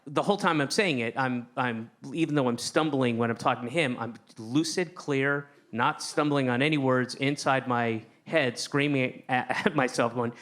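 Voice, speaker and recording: A man's voice: medium pitch, moderate pace, hardly any pauses, fairly bright tone. A man doing stand-up, telling a rambling, self-mocking story full of swearing, with a live audience. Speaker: stand-up comedian. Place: stage before a laughing audience. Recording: live stage recording with audience noise.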